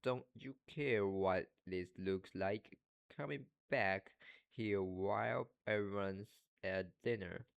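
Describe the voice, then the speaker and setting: A man's voice: lowish voice, takes it slowly, gravelly, lo-fi sound. A man reading aloud as a stern, bossy older schoolboy prefect. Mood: scolding. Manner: stern, scolding.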